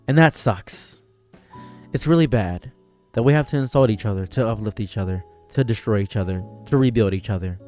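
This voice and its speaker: A man delivering an impassioned commentary monologue, emphatic and swinging from raised outbursts to quiet, low lines. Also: expressive, moderate pace, faint music behind. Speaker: online commentator and streamer.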